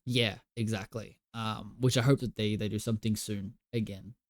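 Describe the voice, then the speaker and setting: A man's voice: fairly low pitch, steady tone, moderate pace, dry recording, studio quality. A man co-hosting a podcast, chatting casually about a film in a rambling way, full of "like" and "you know". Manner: rambling, filler-heavy, lots of "like" and "you know". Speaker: podcast co-host.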